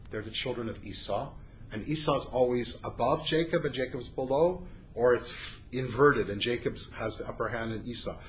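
Animated man telling a sermon story. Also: a little hiss or hum, poor audio. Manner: animated, rising to loud emphasis then dropping low for quoted dialogue.

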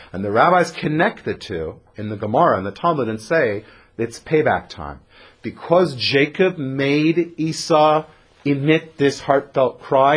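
A man's voice: mid-range voice, fairly bright tone, husky. A man teaching a scripture class to a group, telling the story with acted-out lines and questions to the listeners. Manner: storytelling teacher who acts out the characters and quizzes the audience. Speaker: rabbi teaching a Torah class. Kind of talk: animated Torah lecture.

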